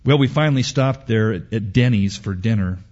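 A man's voice: on the low side, a little fast, a little mellow. A middle-aged man preaching a sermon to young men. He tells stories in an emphatic, repetitive way. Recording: dull lo-fi recording.

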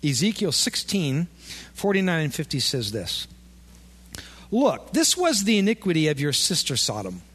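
A male pastor delivers a sermon with an animated, conversational manner, acting out back-and-forth exchanges with his listeners. His slightly high voice swings widely in pitch, and a long echo rings around him in a large church hall. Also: moderate pace, slightly rough. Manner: animated, acts out imagined dialogue.

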